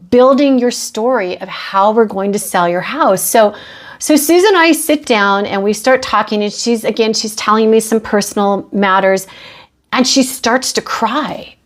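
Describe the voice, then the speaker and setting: Middle-aged woman, podcast host, chatty anecdotal storyteller, slightly high voice. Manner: chatty, anecdotal, with acted-out quotes. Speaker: podcast host and real estate agent. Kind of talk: storytelling monologue.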